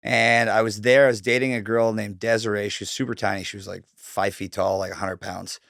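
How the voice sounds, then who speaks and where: A Canadian man in his thirties tells a story in a loose, profane way, full of likes and ums. His voice sits a little low. The sound is dry and close, with no room around it. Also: fairly bright tone, no room sound. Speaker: guest. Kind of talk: casual storytelling interview.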